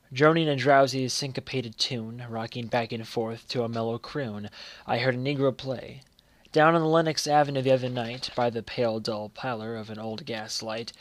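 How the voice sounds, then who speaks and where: Man reciting poetry, measured and low-key. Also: dry recording. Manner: measured, letting line ends fall quiet. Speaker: poetry reader.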